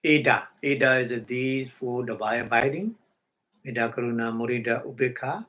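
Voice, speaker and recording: A man whose first language is Burmese, giving a meditation dharma talk in halting English, with many fillers and repeated words, chanting Pali passages now and then. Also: mid-range voice, bright, forceful tone. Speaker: meditation teacher.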